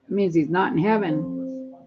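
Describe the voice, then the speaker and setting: A woman's voice: fairly low pitch, husky. A woman in her sixties chatting at home on a phone live stream, rambling from one topic to the next. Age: 60s. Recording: dull lo-fi phone audio.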